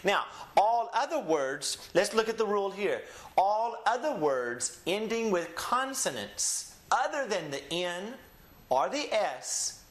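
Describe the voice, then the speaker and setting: Guy teaching spanish sounds, says words slow and clear for you to repeat, bit high voice, echoey room. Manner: slow drilled model pronunciations with call-and-repeat prompts. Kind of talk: recorded classroom lesson.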